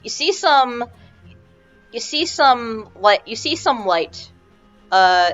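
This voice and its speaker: A woman's voice: medium pitch, a bit bright. Brief: woman game master, rambling narration, dull lo-fi sound with faint music. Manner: rambling, restarts often, many fillers.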